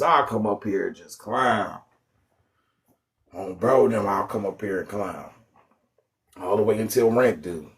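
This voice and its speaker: A man hosting a casual livestream, talking in an animated, profane, joking way that often bursts into yelling. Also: on the high side. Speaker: livestream host.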